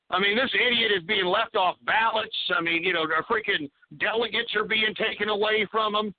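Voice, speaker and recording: A man hosting a radio talk show, ranting angrily and exasperatedly with lots of swearing. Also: sits high. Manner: swears a lot. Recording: tinny phone-like radio audio.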